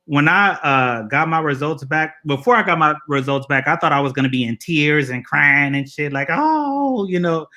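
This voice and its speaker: A man's voice: on the high side, moderate pace, few pauses, bright, forceful tone. Loose, laughing male co-host. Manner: loose, profane, laughing storyteller. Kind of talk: casual panel discussion.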